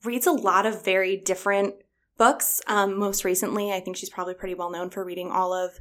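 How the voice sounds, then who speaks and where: A woman talking in a chatty, enthusiastic way, breaking into laughter often. She is a children's librarian on a podcast, and her pitch sits in an ordinary middle range. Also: fairly even intonation, a little fast, a bit bright. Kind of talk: casual podcast chat.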